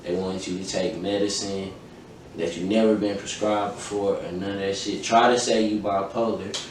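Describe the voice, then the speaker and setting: Sitting low in pitch with a fairly even line and normal speed, the voice is a young adult man's on a podcast. He recounts a personal episode in casual, swear-heavy, emphatic talk, performing each quote. Heavy echo, distant miking, and faint noise color the audio.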